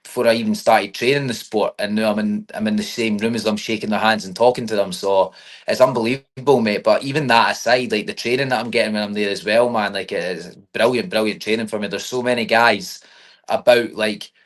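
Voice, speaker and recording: A man's voice: lowish voice, fairly even intonation, brisk. A young man from Scotland with a Scottish accent, a fighter chatting in an interview, filling his talk with "mate". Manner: chatty, says mate and you know what I mean often. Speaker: MMA fighter. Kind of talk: casual interview.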